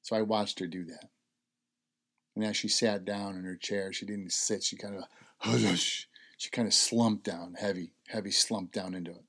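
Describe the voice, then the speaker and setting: A man's voice: lowish voice, steady tone, unhurried, fairly bright tone, breathy edge. A man hosting a health talk, telling a personal story in a conversational way and repeating key phrases for emphasis. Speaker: host.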